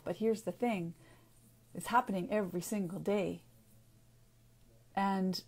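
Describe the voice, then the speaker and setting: A woman speaking off the cuff in a personal video, earnest and halting, with frequent restarts and pauses as she searches for words. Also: mid-range voice, darkish tone. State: getting emotional. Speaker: naturopathic doctor and author. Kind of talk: unscripted personal video talk.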